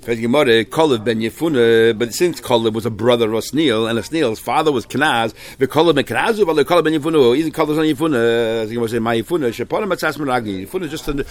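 A man teaching a Talmud class in English, mixing in many Hebrew and Yiddish terms and often restarting his sentences. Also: medium pitch. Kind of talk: Talmud shiur, explaining texts.

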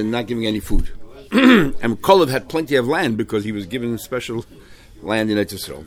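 A man teaching a Talmud class in English, mixing in many Hebrew and Yiddish terms and often restarting his sentences. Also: mid-range voice. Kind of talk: Talmud shiur, explaining texts.

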